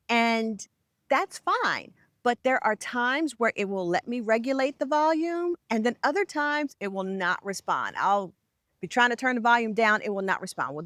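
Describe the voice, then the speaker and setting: A woman's voice: mid-range voice, fairly bright tone, no echo. Candid woman talking to camera, dry. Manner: candid, conversational, with frequent restarts. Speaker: self-help video host. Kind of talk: casual confessional talk to camera.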